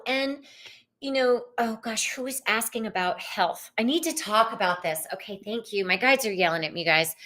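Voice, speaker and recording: With a lowish, sharp-toned voice, this tarot reader streams live from her living room at home. She's bubbly and spiritual as she chats casually with viewers, often saying "like" and "um."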